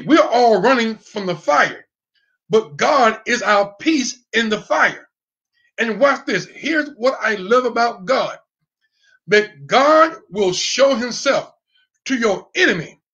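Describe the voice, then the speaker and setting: A man's voice: high voice, fairly bright tone, highs cut off. A man preaching an online sermon, fiery, with call and response and sudden whoops. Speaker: pastor.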